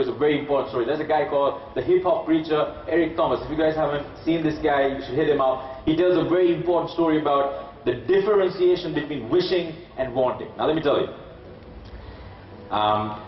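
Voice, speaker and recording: A man's voice: on the high side, a little hiss or hum. Distant echoing man giving a motivational speech. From Sri Lanka. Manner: storytelling, acts out voices, engages the crowd. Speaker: motivational speaker. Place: large hall with an audience. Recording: echoey, distant, dull hall recording.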